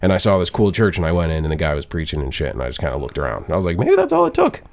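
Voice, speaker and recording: A man's voice: very deep voice, very fast. A man, hosting a podcast and telling a story in casual, profane chat, acting out quotes with big jumps in his voice. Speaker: podcast host.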